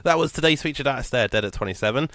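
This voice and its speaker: A man's voice: medium pitch, animated, rapid-fire, fairly bright tone, no echo, studio quality. A male radio DJ with an English accent, talking in a chatty, rambling, informal way between songs. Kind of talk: unscripted radio chat. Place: radio studio. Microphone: studio microphone.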